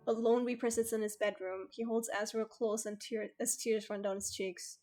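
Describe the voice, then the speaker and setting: A woman streamer reading a dating game aloud and reacting with animated, sweary frustration. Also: fairly high pitch, normal speed, hardly any pauses, faint music behind.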